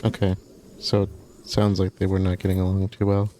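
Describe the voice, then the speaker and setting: A man's voice: deep voice, completely flat delivery, a little fast, warm tone, slight background noise. A man casually commenting while playing a game, musing and thinking aloud. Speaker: gaming YouTuber, biologist. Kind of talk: let's play commentary.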